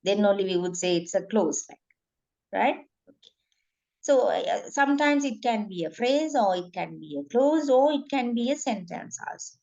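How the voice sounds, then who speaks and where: A woman teaching an online class, pausing often with fillers and asking "right?" to check understanding. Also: mid-range voice, expressive, gravelly, a little mellow, dull audio. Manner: frequent fillers and checking questions. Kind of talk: online lecture.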